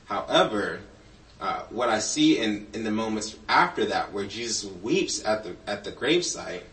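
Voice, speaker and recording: A man's voice: on the low side, lively intonation, moderate pace, fairly bright tone, far from the mic. A man giving a children's sermon in a church, telling stories playfully with a puppet and joking along the way. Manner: jokey asides. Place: church sanctuary. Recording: roomy, from off-mic.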